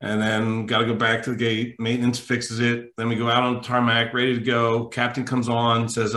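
A man, a mental toughness coach, telling an animated story as a podcast guest, emphatic and acting out the quotes. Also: medium pitch, fairly quick, hardly any pauses, reverberant. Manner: lively, emphatic, acts out quotes.

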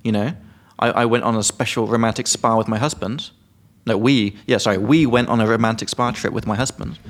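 Male co-host, lower voice, casual teacher explaining slang with examples. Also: steady tone, a little fast. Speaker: podcast co-host, English teacher. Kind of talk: casual chat.

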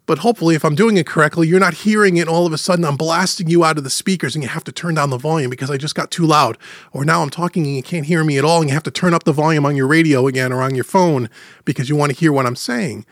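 Male podcast host, slightly high voice, chatty explainer, dry close studio mic. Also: a bit bright, dry recording. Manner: chatty, explanatory, slows down to stress points. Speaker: podcast host teaching audio mixing. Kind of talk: casual podcast teaching. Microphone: studio microphone through gentle compression.

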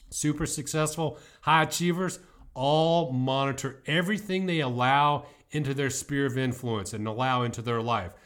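A man's voice: medium pitch, a bit bright. A middle-aged man who coaches football, giving an earnest, emphatic motivational talk.

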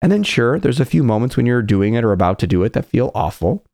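A man's voice: mid-range voice, big pitch swings, quick pace, vocal fry, dark tone, no room sound. A man giving an earnest motivational talk as a confidence coach, often acting out people's inner voices.

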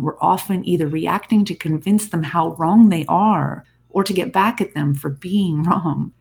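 A medium-pitched, husky voice with a gravelly fry carries a scripted self-help podcast episode. The host stays calm and reflective, turning often to speak to the listener.

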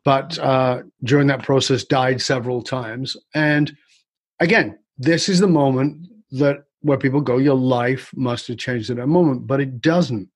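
A man's voice: medium pitch, measured pace, husky, dry recording. A man guest in an interview, candidly and reflectively telling a personal story with casual swearing.

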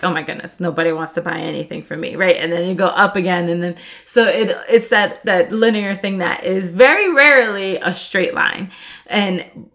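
A woman hosts her own podcast, rambling casually in solo talk filled with fillers and restarts. Her voice is fairly low in pitch and fairly bright.

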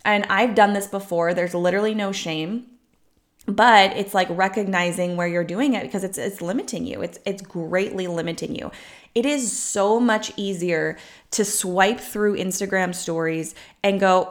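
A woman's voice: medium pitch, moderate pace. A young adult woman hosting a podcast as a business coach, talking in a casual, chatty, upbeat way and leaning on "like" and "right?". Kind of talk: casual motivational monologue.

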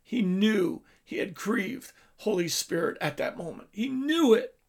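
Male preacher, high and gravelly, dynamic sermon delivery. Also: animated, unhurried. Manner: storytelling preaching, swells and drops in volume.

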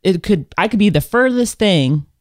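A woman co-hosting a casual live talk show, telling stories in an animated, candid and self-reflective way. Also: medium pitch, normal speed, no echo, clean studio sound. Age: adult with children. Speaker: podcast co-host. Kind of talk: casual chat.

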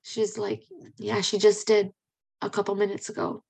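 A woman's voice: mid-range voice, moderate pace, creaky, breathy edge. Chatty woman telling personal stories. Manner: chatty and animated, with many fillers and excited exclamations. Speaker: podcast host. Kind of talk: personal storytelling.

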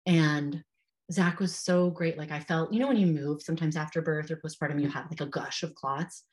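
Low-voiced woman telling a heartfelt story. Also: fairly even intonation, normal speed, darkish tone. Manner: heartfelt, frank, peppered with "like". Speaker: podcast guest. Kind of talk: candid personal storytelling.

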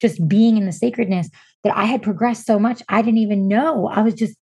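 A woman in her thirties recounts a personal story on a podcast, animated and quick to laugh. Her voice is a little breathy and husky and sits at an ordinary pitch for a woman. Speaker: podcast guest, breathwork facilitator and spiritual coach. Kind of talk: casual storytelling interview.

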